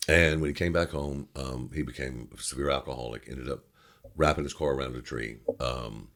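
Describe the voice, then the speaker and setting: A middle-aged man from Louisiana, a guest actor telling a story in an interview, animated and loose with conversational fillers. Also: rumbling low, brisk.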